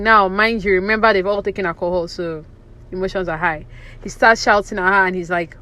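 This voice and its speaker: A woman's voice: mid-range voice, fast, bright, forceful tone. Chatty woman recapping reality TV. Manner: chatty, opinionated, many fillers like "you know". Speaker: reality TV commentary vlogger. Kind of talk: casual recap commentary.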